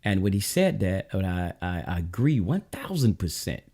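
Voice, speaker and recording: A Southern US man delivers a blunt, preachy political monologue, talking straight to his viewers. His voice sits low, with a mellow, dark tone. He repeats his points like a street-corner sermon. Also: sing-song, normal speed, slightly rough. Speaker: show host.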